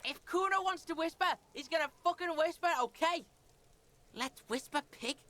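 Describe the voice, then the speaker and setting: A woman's voice: very high-pitched, moderate pace, a bit bright. A woman voicing a brash, foul-mouthed street boy in a video game, who swears constantly and talks about himself in the third person. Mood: mocking.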